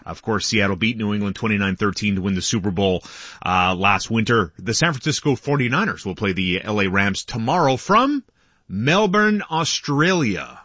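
A lower-pitched man with a bright, forceful voice runs through a sports update in an easy, joking way. The dry, close sound comes through slightly dull and lo-fi, like broadcast audio. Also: moderate pace, dry recording. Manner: chatty, joking, animated. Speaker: sports reporter. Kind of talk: casual radio sports update.

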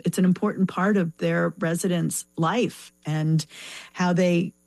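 A woman's voice: lowish voice, steady tone, a little slow, gravelly, darkish tone, dry recording. A woman speaking as a foundation representative in an interview, reflective and full of restarts and fillers. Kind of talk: conversational interview.

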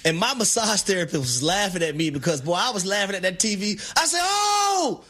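A man co-hosting a sports talk show, telling stories in an animated, preacher-like way. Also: high voice, fast talker, breathy edge. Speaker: sports radio co-host.

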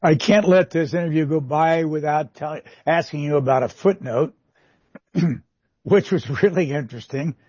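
Guy interviewer, kinda high mellow voice, measured questions, dry muffled audio. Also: slightly rough, no room sound.

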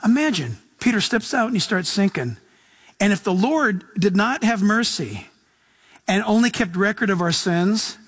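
A man's voice: sits high, expressive, normal speed, breathy edge. A male pastor preaching a sermon in an enthusiastic, casual way, full of slang and asides.

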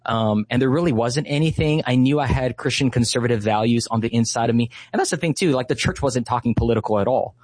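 A man's voice: medium pitch, fast, hardly any pauses, a little mellow, dry recording. A man in his thirties from Hawaii, a guest in an interview, telling a story earnestly and passionately with lots of fillers. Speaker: guest, Christian activist.

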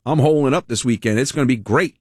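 A man's voice: mid-range voice, quick pace, husky, no echo, clean studio sound. A man hosting a talk radio show in a casual, chatty monologue, laughing as he talks. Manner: chatty, animated, laughs often. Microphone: studio mic.

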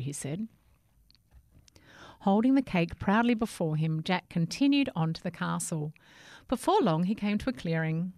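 A woman narrating a children's storybook aloud, slow and expressive. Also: fairly low pitch, no room sound, clean studio sound.

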